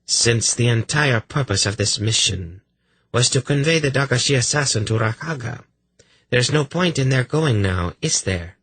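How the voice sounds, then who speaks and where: A man's voice: mid-range voice, lively intonation, moderate pace, a bit bright, breathy edge, dry recording, voice pushed up. A man voicing a nervous, sly small king with a rat-like face, who talks hastily to placate and then asserts himself stiffly. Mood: haughty. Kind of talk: audiobook character voice.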